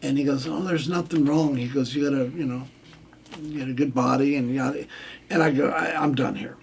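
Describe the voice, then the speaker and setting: A man's voice: medium pitch, steady tone, a little fast, gravelly, a little hiss or hum. An older man, a former referee, telling a candid story on a radio show in a plainspoken way and acting out what others said. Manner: plainspoken, acts out quoted lines.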